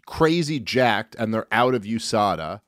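A man's voice: on the low side, lively intonation, unhurried, a bit bright, no room sound, studio quality. A man co-hosting a podcast in casual chat, laid-back and teasing dryly. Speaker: podcast co-host.

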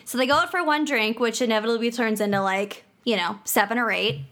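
A young woman with a Minnesotan accent, co-hosting a podcast and telling a long joke with lively acted-out voices. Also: fairly high pitch, fairly quick. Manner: animated storyteller, acts out voices in the joke. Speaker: podcast co-host. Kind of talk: casual chat and joke telling.

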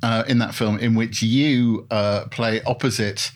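A man hosting a relaxed interview over lunch, jovial and teasing, with quick asides. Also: on the low side. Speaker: podcast host, interviewer. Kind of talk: casual interview chat.

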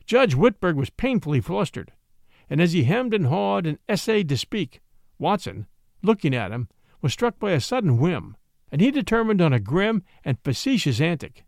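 A man narrating a classic short story with expressive, lively storytelling. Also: fairly high pitch, moderate pace, gravelly, no room sound, studio quality. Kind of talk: audiobook narration.

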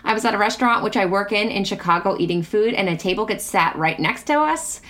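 A woman's voice: mid-range voice, fast. A woman co-hosting a podcast, reading out listener stories and chatting casually with lots of fillers. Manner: animated reader, filler-heavy chatter. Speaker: podcast co-host.

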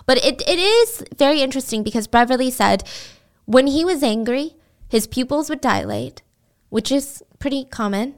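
A woman with a somewhat high voice recounts a true-crime case in a relaxed, chatty podcast style. She is expressive and animated, often slipping into quick impressions of the people involved. Her delivery stays conversational throughout. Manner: animated, expressive, acts out quotes. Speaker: podcast host. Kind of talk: casual true-crime storytelling.

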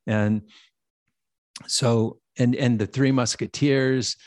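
An older man spins a rambling, lively anecdote in a podcast interview and slips into the voices of the people in it. His voice is mid-pitched and the studio sound is dry and close. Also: slow pace, no echo. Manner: animated anecdote teller, acts out quoted voices. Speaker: guest actor.

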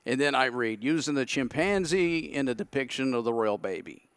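A man's voice: mid-range voice, expressive, normal speed, clear, resonant tone, dry recording. A man, a podcast guest, telling his side of a story candidly and acting out his own thoughts in quotes.

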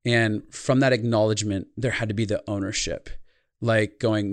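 A man with a fairly low voice, speaking as a life consultant in a podcast conversation. He tells a personal story earnestly and reflectively. The sound is dry, with no room echo. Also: steady tone, moderate pace.

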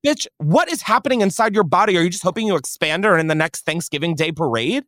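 A man's voice: high-pitched, expressive, fast, a bit bright, no room sound. A podcast host, a man whose voice swoops up and down as he rants in theatrical, foul-mouthed outrage. The studio sound is dry and close, with no room around him. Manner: dramatic, profane, exaggerated outrage. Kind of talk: casual comedic rant.

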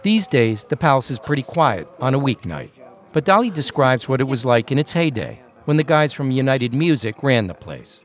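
A man hosting and narrating a true-crime podcast in a measured, scripted storytelling delivery. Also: mid-range voice, big pitch swings, a little hiss or hum.

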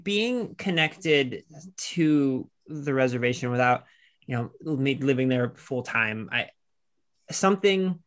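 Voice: medium pitch, expressive, slow. A podcast host interviewing guests over a video call, chatty and prone to long, rambling questions.

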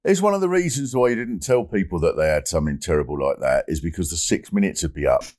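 A man's voice: sits low, sing-song, quick pace, a little mellow. A man hosting a podcast interview, telling playful, self-mocking anecdotes. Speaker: podcast host.

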